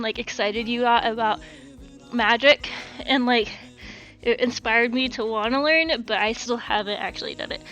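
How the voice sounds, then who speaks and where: A young woman talks casually to her chat from a home kitchen, bright and a touch high in pitch. She giggles often, curses lightly and sounds a little out of breath. Soft music plays faintly behind her. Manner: giggly, chatty, reads chat aloud, swears casually. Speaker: streamer. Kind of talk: casual live-stream chat while cooking.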